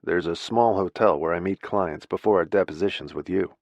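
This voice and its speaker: A man's voice: sits low, brisk, darkish tone, no room sound, highs cut off. A man voicing a male lawyer who talks in a firm, reassuring way. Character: male lawyer, calm gallant rescuer.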